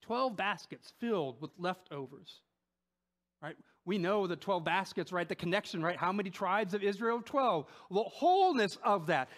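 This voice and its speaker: A man preaching a sermon in a conversational way, often asking "right?", swinging between loud emphatic peaks and soft low asides. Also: sing-song, normal speed. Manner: conversational, with frequent rhetorical "right?".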